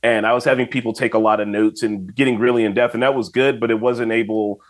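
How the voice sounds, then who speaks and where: Fast-talking animated man telling stories. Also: fairly low pitch. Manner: fast animated storytelling with put-on quotes. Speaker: guest, YouTube reaction channel host. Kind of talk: casual podcast chat.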